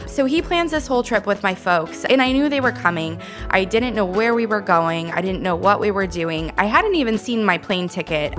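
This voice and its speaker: A young woman from Northern California, a radio host, tells a personal story on air and gets choked up as she talks. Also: mid-range voice.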